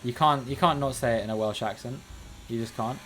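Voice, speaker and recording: Man, streamer, casual gaming commentary, joking, rambling, sarcastic, mid-pitched voice, faint noise behind. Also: brisk, a bit bright.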